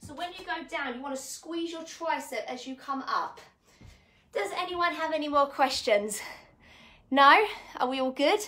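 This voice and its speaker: A bright, high-voiced woman runs a live fitness technique class, talking chattily as she demonstrates each move. She sounds a little out of breath and encouraging. Her voice bounces around an echoey room. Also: moderate pace, far from the mic. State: slightly out of breath. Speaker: fitness coach.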